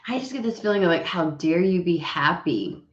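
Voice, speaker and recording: Casual tarot reader, a woman, sniffly and rambling, lower pitch, echoey room. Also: animated, normal speed. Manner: rambling, swearing, many fillers. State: recovering voice, sniffly. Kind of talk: casual chat and card reading. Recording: roomy, dull lo-fi sound.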